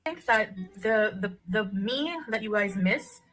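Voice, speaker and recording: A woman's voice: medium pitch, expressive, a bit bright. A woman in a vlog clip, talking hesitantly about herself with many fillers. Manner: hesitant, halting, filler-heavy. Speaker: vlogger in a played clip. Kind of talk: casual reflective vlog.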